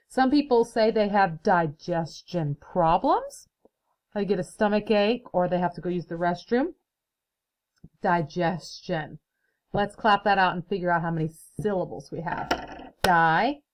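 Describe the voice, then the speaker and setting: A woman's voice: medium pitch, darkish tone, poor audio. A young woman teacher giving a recorded phonics lesson to children, explaining patiently and clapping out syllables.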